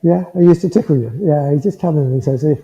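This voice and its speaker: A man giving a mediumship demonstration to a congregation, speaking in a gentle, reassuring way and checking in often with the listener. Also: fairly high pitch, fast. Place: village hall. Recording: muffled hall sound with long reverb.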